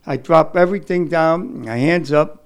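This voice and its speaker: Gravelly older New man. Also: fairly high pitch. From New York City. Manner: halting, repeats words, emotional. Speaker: war veteran recounting his experience. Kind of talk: oral history testimony.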